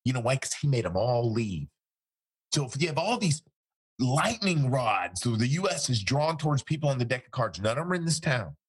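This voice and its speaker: Husky man telling a dramatic story. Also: mid-range voice, very animated, brisk. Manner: dramatic retelling, acting out quoted dialogue. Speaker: former military interrogator telling a story. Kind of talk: storytelling in an interview.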